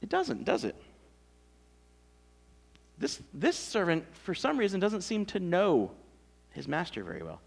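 A man preaching a sermon in a conversational, animated storytelling way, full of asides. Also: high-pitched, measured pace, gravelly, pauses often. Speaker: pastor.

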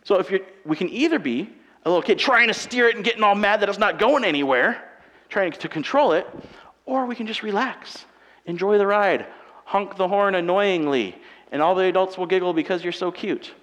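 A man in his thirties preaching a conversational sermon as a pastor, moving between quiet, chatty asides and loud, emphatic passages in a church auditorium. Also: high voice, lively intonation, brisk. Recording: hall reverb from a church sanctuary.

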